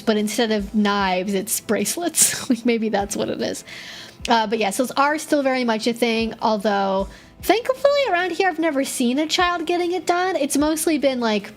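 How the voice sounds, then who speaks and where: A woman hosting a live-stream Q&A as a kink educator, chatty and rambling, with many fillers and short laughs. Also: on the high side.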